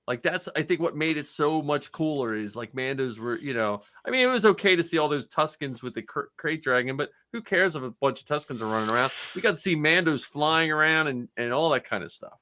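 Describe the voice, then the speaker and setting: A man's voice: a little high, expressive, brisk, hardly any pauses, sharp tone. A man co-hosting a casual fan podcast who laughs easily and talks in a loose, rambling way. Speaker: podcast co-host. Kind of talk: casual panel chat.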